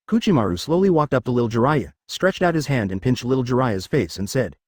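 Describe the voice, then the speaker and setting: A man reading a web-novel story aloud as an audiobook narrator. His pitch sits in an ordinary middle range but moves around a great deal. The recording is dry and close, with no room sound. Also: sing-song, brisk, hardly any pauses, darkish tone, dry recording.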